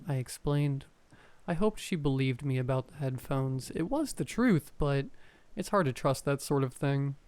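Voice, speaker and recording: A man reading a first-person horror story aloud, calm and measured as a storyteller. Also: medium pitch.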